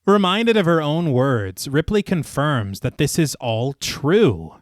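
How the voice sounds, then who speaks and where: A fairly high-voiced man narrates a horror film scene by scene, his pitch swinging widely as he dramatizes each beat. He drops into a lower voice for quoted lines and breaks off for laughing asides. The sound is dry and close to the mic. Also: big pitch swings, slow pace, no room sound. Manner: dramatic storytelling, reads movie quotes in a lowered voice, laughs at his own jokes. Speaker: podcast co-host. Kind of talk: scripted film recap narration with casual asides.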